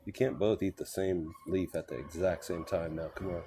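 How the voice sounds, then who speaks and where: Chatty low-voiced man live-streaming. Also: steady tone, normal speed, background noise. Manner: chatty, talks to animals and viewers, laughs often. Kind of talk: casual live-stream chat while walking. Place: small shop and street outdoors.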